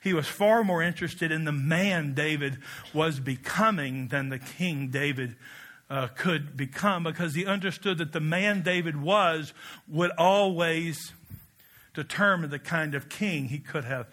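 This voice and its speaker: A man preaching a storytelling sermon in an animated, joking way, swinging up to excited shouts. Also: on the high side, measured pace.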